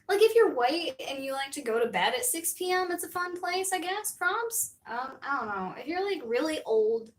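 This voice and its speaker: A woman's voice: high voice, roomy sound. A young American woman streaming, chatting casually in a rambling way, full of fillers and laughs. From United States.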